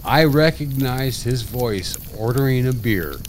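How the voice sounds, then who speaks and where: A man in his forties telling an animated, profane story in casual chat. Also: medium pitch, a little slow, slight background noise.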